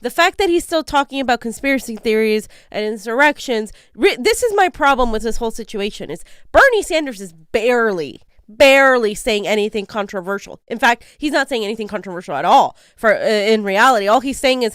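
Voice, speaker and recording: A woman's voice: on the high side, expressive, normal speed, fairly bright tone, clean tone, dry recording, studio quality. A woman co-hosting a political commentary show, ranting in an exasperated way and repeating words as she talks. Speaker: co-host.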